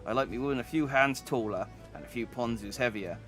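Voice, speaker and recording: A man voicing a gruff, burly male blacksmith sailor who talks in a rough, drawling brogue-like way. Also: mid-range voice, fairly quick, fairly bright tone, faint music behind, close to an everyday voice.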